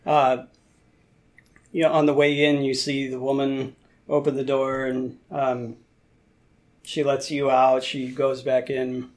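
A man's voice: mid-range voice, monotone, slow pace, long pauses. A man narrating as game master, rambling with many fillers.

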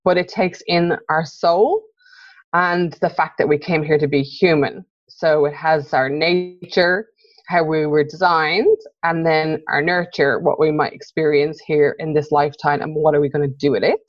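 A woman guest chats in a friendly, rambling way on a podcast. Her voice is very low for a woman. The audio is dull and dry, with no room sound. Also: steady tone, normal speed, no room sound. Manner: friendly, rambling, laughs easily. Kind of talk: casual interview chat.

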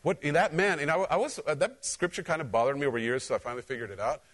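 A man's voice: fairly high pitch, quick pace. A male pastor preaching a conversational sermon, telling personal stories and talking directly to his congregation. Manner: animated, talks directly to the congregation.

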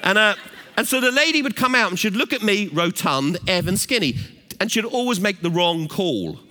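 A middle-aged English man preaching a sermon, telling a funny family story in a playful, animated way. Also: high-pitched, normal speed. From England. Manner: animated, playful, laughs at his own stories. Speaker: pastor.

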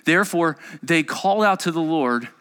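Man, pastor, dramatic sermon, high voice, echoey hall. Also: expressive, moderate pace, smooth. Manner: dramatic, swings between loud urgency and hushed near-whispers.

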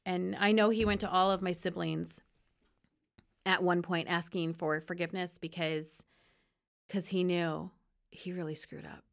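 A woman's voice: lowish voice, steady tone, unhurried, gravelly, long pauses. A woman guest on a faith talk show telling her personal testimony in an earnest, conversational way, often laughing and acting out quoted dialogue.

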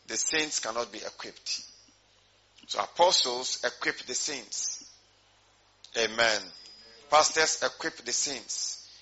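A man's voice: mid-range voice, sharp tone, breathy edge, dull audio. A man preaching a sermon as pastor, repeating his points and putting questions to the congregation.

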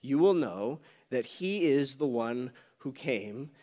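A man's voice: mid-range voice, expressive, slow, mellow. A man preaching a sermon, explaining Greek words to his congregation in a teaching manner.

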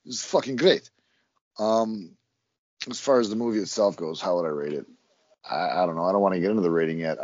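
A man co-hosting a movie podcast, talking in a profane, rambling, animated way. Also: fairly low pitch, husky, no echo, lo-fi sound. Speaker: podcast co-host. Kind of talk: casual movie review chat.

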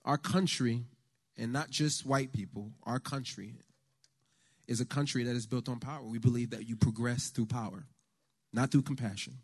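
An American man giving a conversational, faith-based talk on politics to a church lunch audience, telling stories with lively asides. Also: mid-range voice, normal speed, slightly rough. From United States. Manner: animated storyteller, conversational with the audience.

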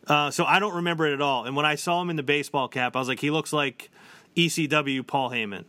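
Quick-paced and pushed, with a bright, fairly high voice, a man co-hosting a podcast chats casually, piling on fillers and restarts. There's no echo in the recording.

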